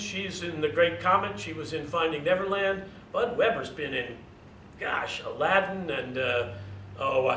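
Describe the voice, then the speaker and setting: A man who directs theater, giving an encouraging but demanding welcome address to young performers. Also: bright, forceful tone. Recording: roomy, distant mic, faint rumble.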